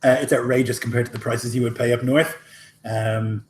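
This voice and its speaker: A man's voice: medium pitch, level tone, normal speed, a little hiss or hum, natural voice. A man voicing a hospitable male townsman at the docks who talks with many hesitant fillers. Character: welcoming male dockside townsman, chatty host. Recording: echoey room.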